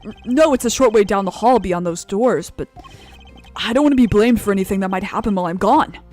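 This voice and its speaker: A woman's voice: mid-range voice, fairly quick, darkish tone, soft background music, natural voice. A woman voicing a nervous male security guard, reading video game dialogue aloud in an anxious, pleading manner.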